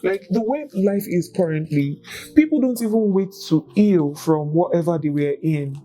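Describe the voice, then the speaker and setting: A woman's voice: fairly low pitch, moderate pace, rough recording. A young Nigerian woman telling her own story in a candid, chatty way, repeating words for emphasis. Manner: chatty and animated, repeats words, mixes in Yoruba and pidgin phrases. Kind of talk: candid personal testimony, casual storytelling.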